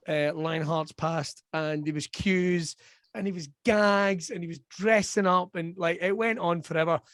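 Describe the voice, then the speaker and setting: A man's voice: sits high, a bit bright, no echo. Man, podcast host, rowdy storyteller, swears and laughs a lot, dry close sound. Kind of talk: casual chat.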